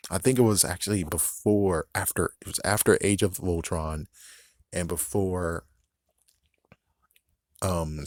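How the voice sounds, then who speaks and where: A man's voice: low voice, no room sound, studio quality. An American man giving a rambling, profane casual commentary on a TV episode, often laughing and correcting himself. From United States. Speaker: YouTube commentator.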